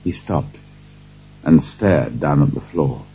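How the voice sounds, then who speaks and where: A man reading a graded-reader story aloud in slow, measured narration. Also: extremely low pitch, gravelly, dark tone, slightly rough, faint music behind. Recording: dull lo-fi recording.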